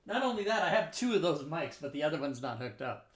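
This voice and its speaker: This slightly high male voice is very animated and fast as he leads a tabletop game while streaming from home. He's loose, teases himself, swears a lot, and frequently pulls away from his desk microphone.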